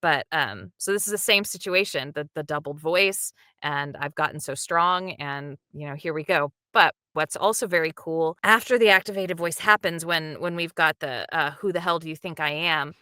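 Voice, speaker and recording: A woman's voice: low-pitched, normal speed, few pauses, pushed and bright, smooth, no echo, clean studio sound. A woman, a dub director, talking animatedly in an interview and acting out the lines she quotes. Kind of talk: interview, behind-the-scenes talk.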